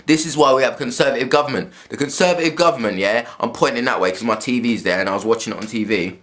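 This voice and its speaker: A man's voice: mid-range voice, fast talker, fairly bright tone. A man from England, ranting to camera in his room at home, swearing freely and repeating himself as he goes. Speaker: vlogger. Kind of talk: casual rant to camera.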